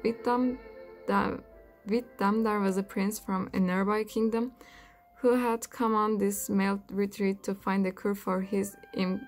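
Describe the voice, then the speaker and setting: A woman narrating a satirical fairy-tale audiobook in a wry, deadpan reading. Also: medium pitch, measured pace, faint music behind. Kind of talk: comic storybook narration.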